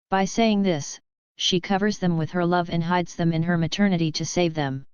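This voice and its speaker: Low, very clear woman reading devotionally. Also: steady tone, normal speed, dry recording. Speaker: reader of devotional writings. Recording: dull lo-fi recording.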